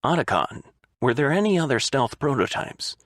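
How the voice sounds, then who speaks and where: A man's voice: sing-song, moderate pace, fairly bright tone, no room sound, clean studio sound. A man voicing a grim, hardened male soldier who speaks bluntly and tersely for an audiobook. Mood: gruff. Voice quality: gravelly, low. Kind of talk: audiobook character voice.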